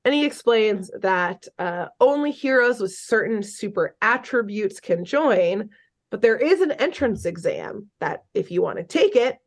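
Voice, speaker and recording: A woman co-hosting a podcast, recapping a cartoon episode in casual chat, animated and full of "like", acting out the characters' lines. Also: mid-range voice, measured pace. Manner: animated storytelling, lots of "like", acts out characters' lines.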